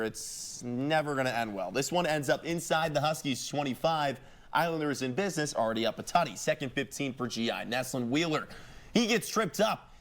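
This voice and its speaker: Punchy, higher-voiced male sports anchor. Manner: energetic, joking, punchy play-by-play calls. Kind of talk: high school football highlights commentary.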